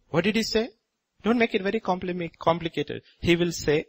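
A man pastor from India preaching a sermon in a church, with sudden loud rises on repeated phrases. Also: high-pitched, moderate pace, low-quality recording.

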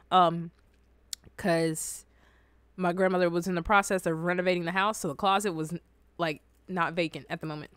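A woman's voice: lowish voice, fairly bright tone, no echo. A young adult woman chatting casually, telling funny childhood stories and reacting to comments. She laughs often and swears freely. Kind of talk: casual storytelling chat.

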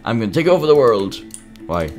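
A man's voice: on the low side, fairly even intonation, fast, soft background music, close to an everyday voice. A man voicing a boastful evil old animatronic bear in a game video, rambling about his plans. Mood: scheming.

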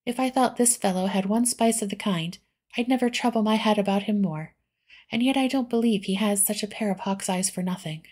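A woman voicing a sardonic, mocking young man in a whispered role-play reading, pitched higher than her narration. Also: fairly quick, close to an everyday voice. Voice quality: soft, breathy.

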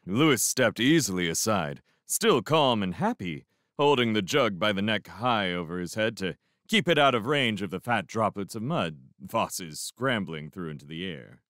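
A man reading a novel aloud as an audiobook narrator, measured and expressive. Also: lowish voice, no echo, clean studio sound. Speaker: audiobook reader.

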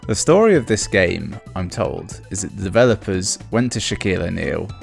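Dry, gravelly man playing a game. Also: low-pitched, animated, normal speed, soft background music. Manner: dry, sarcastic asides. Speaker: let's play commentator. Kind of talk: casual gameplay commentary.

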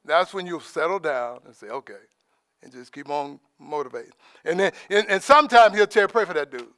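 A man giving an informal, conversational sermon as preacher, dropping in praise asides and trailing off softly. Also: a little high, expressive, brisk, dry recording, studio quality. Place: church in Alaska.

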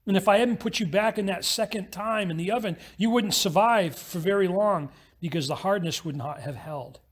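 A man preaching a sermon as pastor, telling a parable with quick, acted-out voices. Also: sits high.

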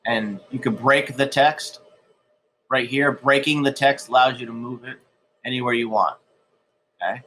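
A man's voice: medium pitch, moderate pace, long pauses, pushed and bright, a little hiss or hum. A man hosting a casual how-to tutorial, talking loosely and checking in with "right?" and "okay?", and drifting into a country accent at times. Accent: slips into a country accent at times. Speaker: edtech tutorial host. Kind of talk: casual screen-recorded tutorial.

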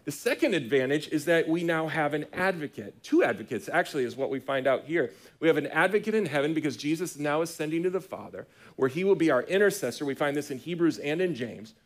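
A middle-aged man preaching a sermon as pastor, talking in a conversational, animated storytelling way with frequent restarts. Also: fairly high pitch, fast, few pauses. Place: church sanctuary.

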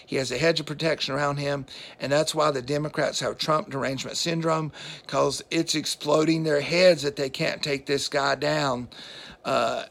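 A man's voice: on the high side, gravelly, a bit bright. A man giving a rambling, opinionated political monologue to camera, preachy in tone and often losing his thread with fillers. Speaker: political vlogger.

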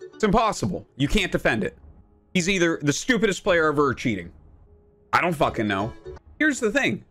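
A male streamer in his thirties, swearing and venting as he talks through his games, his pitch leaping around and sometimes spilling into shouts. His voice is bright and a touch high for a man. Faint game music runs behind him. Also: big pitch swings, a little fast, pauses often. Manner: profane, exasperated, bursts into shouting. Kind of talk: casual stream rant.

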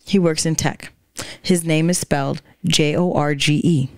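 A woman's voice: low voice, fairly even intonation, unhurried, no echo, studio quality. A young woman co-hosting a casual podcast, chatty and hesitant, full of fillers and restarts. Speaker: podcast co-host. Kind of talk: casual chat.

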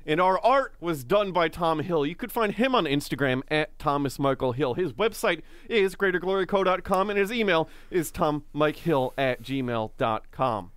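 A man co-hosting a podcast in relaxed casual chat, reading off contact details. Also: fairly high pitch, normal speed, few pauses, clear, resonant tone, no room sound. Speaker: podcast co-host and producer.

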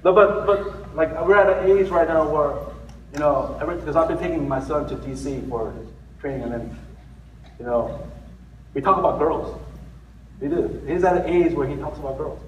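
A man's voice: on the high side, normal speed. A middle-aged man preaching a sermon as a pastor, in a conversational way, laughing often as he tells stories. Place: church hall. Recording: roomy echo, distant mic, noisy.

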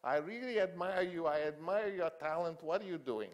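A man's voice: moderate pace, lightly acted. An older man doing an impression of a fussy little old male studio boss who repeats his words insistently. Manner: high excited squawk, repeats words insistently.

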